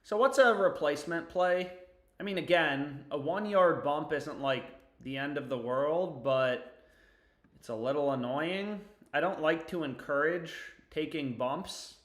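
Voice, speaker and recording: A young man hosting a casual sports betting livestream from home, excitable and quick to swear as he talks to himself and his viewers. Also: a little high, reverberant.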